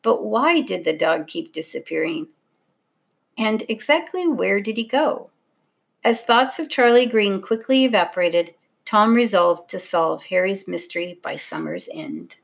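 A woman narrating a children's storybook in a steady, expressive reading voice. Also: medium pitch, measured pace, vocal fry.

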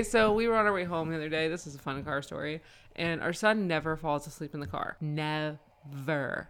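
Low-voiced woman telling a family story. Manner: laughs often, animated storytelling. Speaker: podcast co-host, parent. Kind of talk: casual chat, storytelling.

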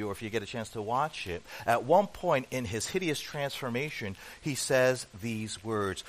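A man's voice: mid-range voice, fairly bright tone, low-quality recording. A man preaching a sermon as pastor, emphatic and full of rhetorical questions put to the congregation.

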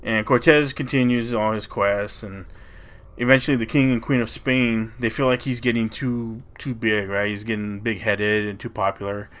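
Male podcast co-host with a lowish voice, who tells a legend in loose, casual chat. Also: steady tone, normal speed, fairly bright tone, clean tone. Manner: loose and profane, retelling a legend with frequent "you know" and "like".

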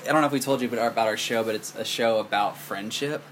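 A man's voice: on the low side, very fast, a bit bright, a little hiss or hum. A man co-hosting a casual podcast, talking with lots of hesitant fillers and restarts. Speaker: podcast co-host, band member. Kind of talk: casual chat.

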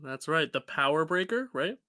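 A man's voice: a little high, lively intonation, moderate pace, pushed and bright, dry recording. A young man co-hosting a casual podcast chat, talking loosely with many fillers and restarts over a home call mic. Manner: chatty, rambling with fillers and restarts. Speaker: podcast co-host.

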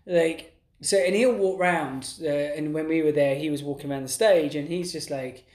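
A man's voice: on the high side, steady tone, moderate pace, a little mellow. A middle-aged man in casual podcast conversation, talking in loose, rambling sentences full of restarts. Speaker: podcast co-host. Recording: roomy echo.

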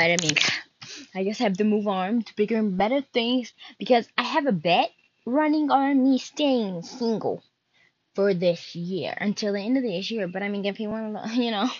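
A woman's voice: medium pitch, no echo, muffled recording. A young woman hosting her own podcast, chatting casually and rambling from one topic to the next. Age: young adult. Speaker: podcast host.

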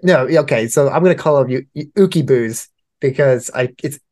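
A man's voice: mid-range voice, normal speed, darkish tone. A man co-hosting a podcast in casual, profane banter, laughing often as he talks. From United States. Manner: laughs often, swears freely. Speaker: podcast co-host.

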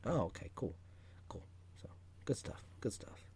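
A man's voice: moderate pace, a little mellow, no echo, whispered. A man co-hosting a podcast in casual chat, rambling with lots of fillers and restarts. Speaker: podcast co-host.

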